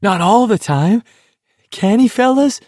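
A man's voice: sits high, animated, measured pace, a little mellow, no echo, studio quality, voice pushed up. Larson, a man doing a dazed pleading teen boy. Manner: pleading, shell-shocked. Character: dazed, exhausted teenage boy pleading to rest.

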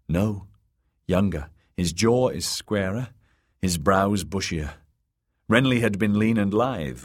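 Male audiobook narrator, low voice, husky, expressive pitch, measured telling. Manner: measured storytelling.

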